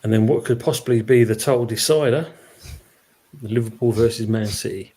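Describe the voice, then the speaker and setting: A man's voice: mid-range voice, moderate pace, warm tone, husky. A man on a football podcast panel, bantering casually and offhand over a video call. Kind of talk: casual chat.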